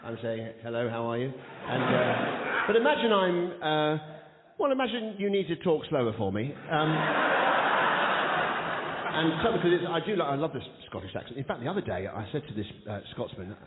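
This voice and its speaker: A man's voice: fairly high pitch, big pitch swings. A man from the south of England hosting a live comedy chat show, firing off puns and joking with the audience. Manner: rapid-fire punning, playful, shouts to the crowd. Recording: echoey hall on a tinny, noisy radio recording.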